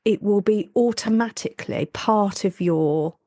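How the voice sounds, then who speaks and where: A woman, a nurse, co-hosting a podcast in a lively, chatty way. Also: mid-range voice, measured pace, no echo, studio quality. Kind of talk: casual chat.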